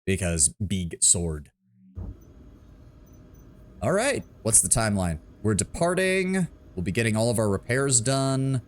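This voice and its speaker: A man's voice: fairly low pitch, very animated, a little slow, long pauses. A man streaming a video game, chatting casually with some swearing and enthusing about mechs. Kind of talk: casual gaming livestream commentary.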